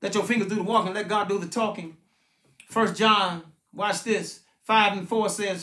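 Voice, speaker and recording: High-voiced older preacher in an echoing room. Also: male voice, fairly even intonation, normal speed, bright, forceful tone. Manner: emphatic preaching with repeated "watch this" and "listen" cues. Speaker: pastor. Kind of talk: sermon-style Bible study. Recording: roomy echoing sound.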